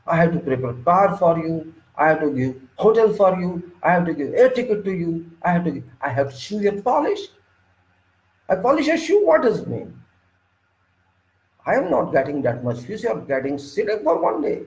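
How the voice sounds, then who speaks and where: Middle-aged Indian-accented male lecturer, higher-pitched, emphatic and aggrieved, echoey room. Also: very animated, normal speed, darkish tone. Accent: Indian English. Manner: emphatic, indignant, swings sharply up in pitch. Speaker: engineering consultant lecturing. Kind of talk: informal lecture.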